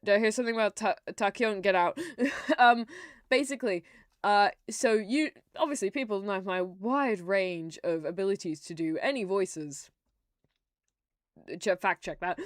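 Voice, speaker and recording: Giggly young British woman streamer, crisp dry mic. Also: medium pitch, no room sound. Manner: giggly, rambling, chatty with frequent laughs and restarts. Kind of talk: casual live-stream chat and game text reading.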